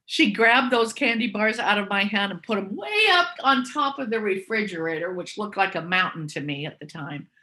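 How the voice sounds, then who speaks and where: A woman's voice: mid-range voice, expressive, normal speed, hardly any pauses, pushed and bright. A woman candidly telling personal stories and reflecting on them as she goes. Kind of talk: personal storytelling.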